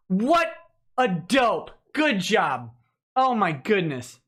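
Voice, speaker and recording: Sarcastic male livestream host, animated, mocking asides between chat questions. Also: high-pitched, drawn-out words. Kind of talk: casual livestream commentary.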